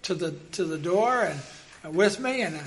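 A man preaching a sermon as pastor, telling personal stories in a lively way and bursting into loud acted quotes. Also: high-pitched, normal speed.

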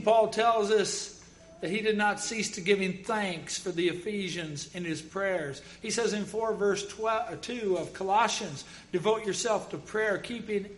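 A man's voice: high voice, a bit bright. A man preaching a sermon, emphatic, quoting scripture and dropping wry jokes.

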